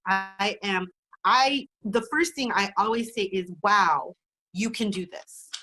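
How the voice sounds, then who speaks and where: A woman's voice: mid-range voice, a bit bright, a little hiss or hum. A middle-aged woman, a guest on an interview show, speaking earnestly and encouragingly and repeating phrases for emphasis. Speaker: guest, cancer survivor and speaker.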